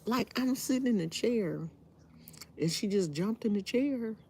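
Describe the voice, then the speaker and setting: Slow, husky woman telling stories. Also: fairly high pitch. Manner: animated, laughs often, acts out quotes. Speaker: live-stream host. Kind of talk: casual storytelling chat.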